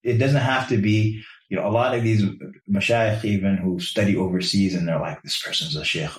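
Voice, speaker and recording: A man's voice: fairly low pitch, fairly even intonation, moderate pace. A man chatting easygoing in an interview, explaining his path as a religious teacher and often trailing off to restart. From New York. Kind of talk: casual interview chat. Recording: roomy echo, distant mic.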